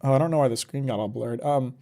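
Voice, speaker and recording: A man's voice: medium pitch, fast, mellow. Blunt joking male streamer. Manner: blunt, joking and profane, reads chat aloud. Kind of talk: casual live-stream chat.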